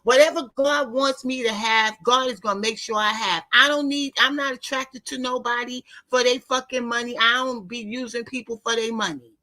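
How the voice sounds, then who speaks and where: A vlogger in her fifties rants bluntly to her live viewers in a casual, profane monologue. Her voice is on the high side with a steady, sharp tone, at normal speed with few pauses.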